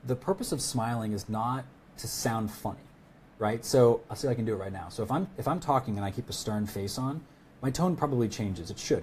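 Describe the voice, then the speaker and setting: A man's voice: medium pitch, darkish tone, slight background noise. A man explaining sales negotiation in a casual webinar, chatty and full of fillers and restarts. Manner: conversational, many fillers and restarts. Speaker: sales expert guest.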